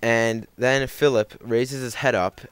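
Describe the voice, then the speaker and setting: A man's voice: medium pitch, steady tone, slow, a bit bright, smooth, no room sound. A young man telling a rambling story over gameplay, full of fillers and self-corrections. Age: young adult. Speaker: gaming commentator.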